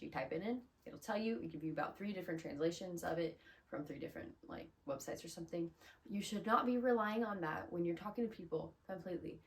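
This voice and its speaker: A woman's voice: on the low side, quick pace, a little hiss or hum. A woman giving a casual, chatty video lesson as a Spanish teacher, upbeat and full of "like" and "um". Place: small closet room.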